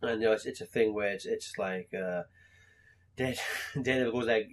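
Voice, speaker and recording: A man's voice: fairly low pitch, brisk. A man chatting casually about games and comics, rambling with repeated words and mock-outraged rants.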